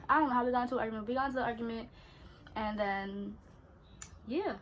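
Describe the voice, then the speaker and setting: A young woman, chatting in an animated, slangy way as she tells a story during her skincare routine. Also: a little high, quick pace, pauses often, slight background noise. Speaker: beauty vlogger.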